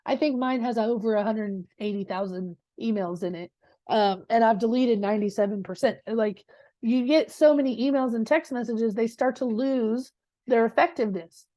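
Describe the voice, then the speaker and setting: In a live teaching session, a real estate coach uses a fairly high, warm voice at a moderate pace. The recording has no room sound and the highs are cut off. She talks directly and conversationally, frequently checking in with listeners and dropping rhetorical "right?"s.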